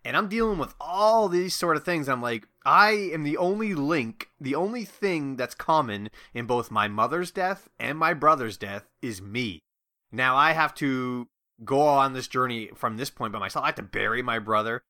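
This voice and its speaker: A man co-hosting a casual game podcast, who acts out his own reactions as he talks. His pitch is very lively and his voice sounds bright and forceful. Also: moderate pace. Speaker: podcast co-host.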